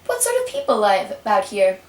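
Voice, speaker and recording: A woman's voice: medium pitch, wildly swooping pitch, fairly quick. A woman voicing a polite, curious young girl in a puppet show, asking eager questions. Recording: roomy, mic set far off.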